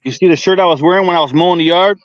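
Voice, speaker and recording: A man chatting casually on a live-stream podcast, blunt and quick to swear. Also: high voice, dry recording, lo-fi sound. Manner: blunt and swearing, laughing easily.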